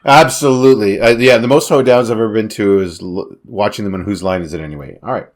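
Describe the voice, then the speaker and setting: Sarcastic jokey man reviewing a movie. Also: lowish voice. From Canada. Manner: jokey, sarcastic, quick asides. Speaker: podcast co-host. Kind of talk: casual movie review chat.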